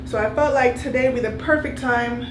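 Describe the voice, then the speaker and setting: A woman chatting casually through her hair-washing routine as a vlogger, candid and relaxed. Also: fairly high pitch, brisk, reverberant, noisy background. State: out of breath. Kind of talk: casual vlog talk. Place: bathroom shower.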